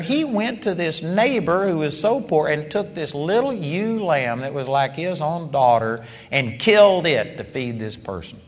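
A man's voice: a little high, fairly bright tone, in a large hall. A man preaching a sermon, retelling a story with emphatic rises and asides.

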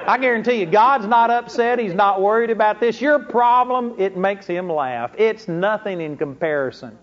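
A man's voice: sits high, moderate pace. A man preaching a sermon, telling folksy stories from his ministry and rising into bursts of emphasis. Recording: dull lo-fi recording.

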